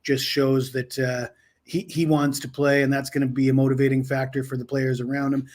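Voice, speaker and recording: A man breaking down a college football betting pick in a methodical, steady way on a sports betting podcast. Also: medium pitch, a little fast.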